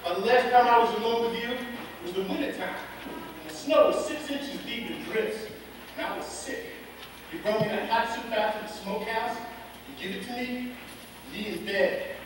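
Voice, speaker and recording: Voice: medium pitch, natural voice. An actor playing a brooding menacing farmhand. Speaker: stage actor. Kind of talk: amateur stage musical acting. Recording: echoey stage hall, far-off mic, faint noise.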